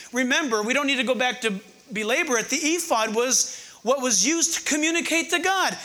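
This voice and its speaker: An older male pastor preaching a conversational, humorous sermon, slowing down to read verses with emphasis. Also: extremely high pitch, expressive, bright, forceful tone.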